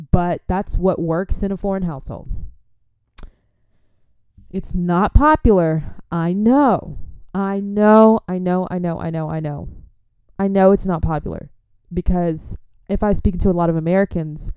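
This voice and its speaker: A young woman talks in a casual, animated vlog, often repeating herself and laughing as she gives faith-based life advice. Her voice sits low and mellow with a smooth tone. The sound is close and dry, with no room around it. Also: a little slow, no room sound. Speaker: Christian vlogger.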